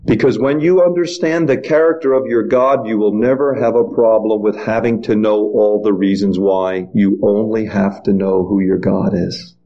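A man's voice: on the low side, fairly even intonation, moderate pace, few pauses, dull audio. A male pastor preaching a sermon, asking the congregation questions and acting out the voices of the figures he quotes.

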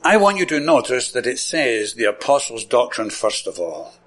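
A man's voice: medium pitch, big pitch swings, moderate pace, a bit bright. A man with a Scottish accent preaching a sermon, enthusiastic, repeating words for emphasis and chuckling often.

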